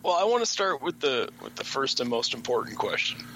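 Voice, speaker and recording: A man's voice: mid-range voice, very animated, brisk, bright, forceful tone, slight background noise, poor audio. A man co-hosting a podcast, giving movie opinions in a wry, incredulous way. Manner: wry and incredulous, with frequent laughs. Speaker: podcast co-host. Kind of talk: casual movie review chat.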